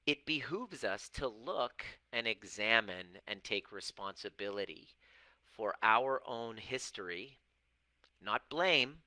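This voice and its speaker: Emphatic man with a bright, crisp voice. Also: on the low side, animated, no echo, rough recording. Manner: emphatic, stretches key words slowly, repeats and restarts. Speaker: self-help coach and former chiropractor. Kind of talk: monologue to camera. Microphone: camera mic.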